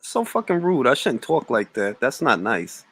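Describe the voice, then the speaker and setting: A man's voice: mid-range voice, wildly swooping pitch, normal speed, fairly bright tone. A man hosting a boxing talk stream, casual, profane and jumping between topics. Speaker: boxing talk show host. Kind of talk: casual livestream chat.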